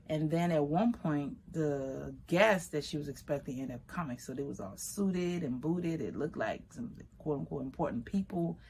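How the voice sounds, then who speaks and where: A woman from Liberia with a notably low voice tells a personal story. She speaks in an unhurried, reflective way and now and then lifts into quoted voices. Faint background noise sits under the recording.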